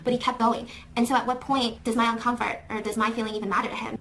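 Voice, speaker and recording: Woman in a clip, rushed and shaky, kinda high voice, trailing off. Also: little pitch movement, vocal fry, a bit bright, a little hiss or hum. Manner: shaken, halting, searching for words. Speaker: YouTuber in a played clip. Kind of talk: personal storytelling.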